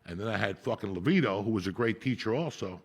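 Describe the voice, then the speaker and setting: Raspy, gravelly New storyteller man. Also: lowish voice, quick pace. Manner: raspy, profane, animated, breaks into laughter. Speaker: podcast host. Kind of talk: profane casual storytelling.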